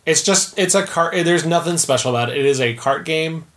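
Excitable swearing man on a podcast. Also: fairly high pitch. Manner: enthusiastic, profane, quick to react. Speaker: podcast co-host. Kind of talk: casual chat.

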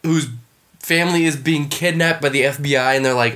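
A man's voice: on the high side, fairly even intonation, a little fast, fairly bright tone. A young man co-hosting a casual podcast chat, laughing often, swearing and acting out quotes. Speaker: podcast co-host.

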